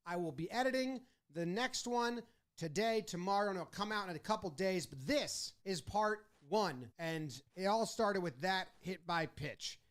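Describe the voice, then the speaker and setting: A man narrating a baseball highlight breakdown. He is animated and acts out the players' and umpires' lines in quick little voices. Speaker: sports video commentator.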